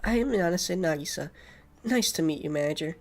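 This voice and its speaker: A man's voice: a little high, lively intonation, fairly quick, vocal fry. A man voicing a commanding but casual young woman, upbeat and confident.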